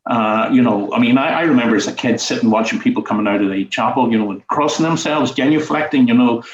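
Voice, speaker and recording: A man's voice: medium pitch, quick pace. A man in his seventies with a Northern Irish accent, reminiscing as an interview guest in a rambling way, peppered with "you know". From Northern Ireland. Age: 70s. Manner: rambling, lots of "you know" fillers, chuckles as he talks. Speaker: guest, former teacher and writer. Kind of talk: reflective conversational interview. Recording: distant, roomy, dull lo-fi sound.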